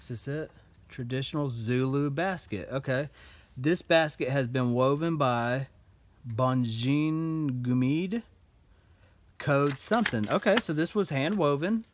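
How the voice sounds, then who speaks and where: A man chatting excitedly as he unboxes finds, sometimes dropping to a whisper. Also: medium pitch, normal speed, dry recording. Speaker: storage unit buyer and vlog host. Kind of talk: casual unboxing commentary. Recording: noisy handheld recording with paper crinkling.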